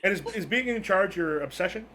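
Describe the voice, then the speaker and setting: Lively male game master. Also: brisk, low-quality recording. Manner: lively, breaks into squeaky character voices. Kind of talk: narrating a tabletop game.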